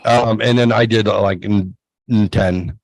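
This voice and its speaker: Male, 40s, podcast co-host, animated storyteller, voices other people, dry close sound. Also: fairly low pitch, a little slow, gravelly, no echo, poor audio. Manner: animated, acts out quotes in a raised voice. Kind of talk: casual storytelling chat.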